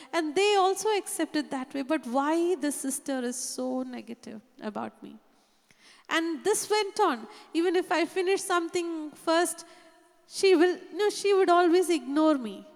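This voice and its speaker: A woman preaching, telling a personal story earnestly and often saying "you know". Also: high voice. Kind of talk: sermon testimony. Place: church hall. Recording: long reverb of a hall.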